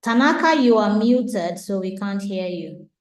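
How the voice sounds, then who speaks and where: A woman's voice: mid-range voice, expressive, unhurried. Woman running a webinar q&a on a video call, polite but firm, roomy echoey sound. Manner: polite, directive moderating. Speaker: webinar host. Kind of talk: online webinar Q&A.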